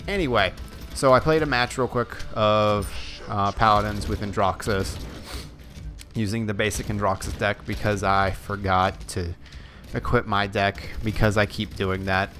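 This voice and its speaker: Young guy rambling thru game patch commentary, kinda low voice, quiet music behind. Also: steady tone, a little slow. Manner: rambling, self-correcting, chatty. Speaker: gaming YouTuber. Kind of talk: casual gameplay commentary.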